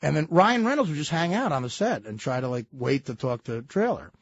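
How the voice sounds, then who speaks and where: A man tells casual stories in a raspy, gravelly voice with a lively, swooping pitch. He talks in an animated way, full of fillers and laughs, and the recording has a dull, lo-fi sound. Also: fairly quick, no room sound. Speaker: storyteller, guest. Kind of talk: casual anecdotes.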